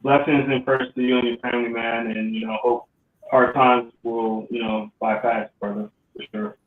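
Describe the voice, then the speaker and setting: A man's voice: mid-range voice, little pitch movement, moderate pace, roomy sound. Male guest on a remote line, laid-back and supportive; the sound is tinny and distant. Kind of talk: casual podcast chat.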